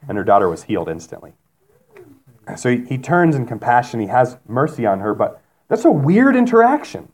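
A man's voice: mid-range voice, lively intonation, fairly quick, darkish tone. Guy preaching a sermon, chatty, keeps asking the crowd questions, acts out the quotes. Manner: conversational, asks the congregation questions. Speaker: pastor.

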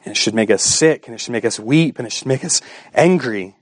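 A man preaching a sermon with impassioned delivery, asking rhetorical questions and swinging between hushed and raised passages. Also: medium pitch, animated, brisk, no room sound, studio quality. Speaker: pastor.

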